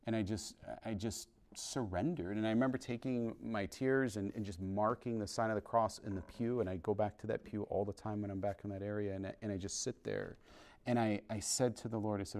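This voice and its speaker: A male priest telling his conversion story to a parish class in an earnest, halting way, with many restarts. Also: fairly low pitch, fairly even intonation, darkish tone. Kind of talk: informal testimony to a parish class. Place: parish hall.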